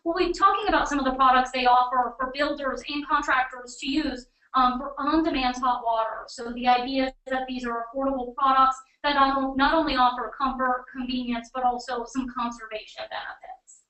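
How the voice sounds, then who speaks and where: A woman with a New England accent hosts a webcast in an upbeat, conversational way, working as host and editor. Her high-pitched voice is brisk, bright and forceful, with fairly even intonation. She sits beside a colleague in an office or studio room, and the recording is echoey with the mic at a distance.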